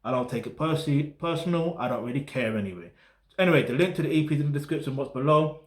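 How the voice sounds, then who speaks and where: A man's voice: mid-range voice, animated, quick pace, echoey room. A man with a South London accent, rambling casually to camera as he reviews music, dropping slang tags like "get me" and "yeah". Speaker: music reaction host. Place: flat in a residential block.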